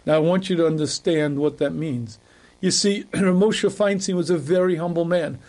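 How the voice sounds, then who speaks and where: High-voiced rabbi lecturing. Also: male voice, normal speed, a little mellow. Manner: vivid lecturing, acting out little scenes; frequent throat clearing. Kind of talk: recorded Torah class.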